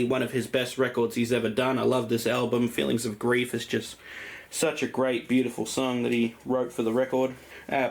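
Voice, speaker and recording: An Australian man casually showing his vinyl collection, rambling through it with plenty of ums and uhs. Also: mid-range voice. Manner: rambling, lots of ums and uhs while listing records. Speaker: record collector vlogger. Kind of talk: casual show-and-tell.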